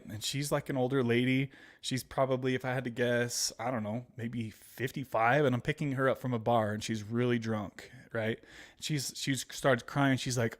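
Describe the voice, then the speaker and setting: A man hosting a livestream in casual chat, rambling through stories and calling his viewers guys. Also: mid-range voice. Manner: rambling, chatty, often addressing viewers as guys; laughs while telling stories. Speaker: livestream host.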